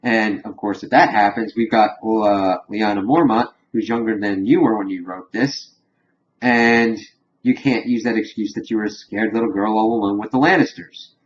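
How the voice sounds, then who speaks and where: A man's voice: lowish voice, moderate pace, dull audio, a little hiss or hum. A young man casually reviewing a TV episode, retelling the scenes in a chatty way with loosely quoted dialogue.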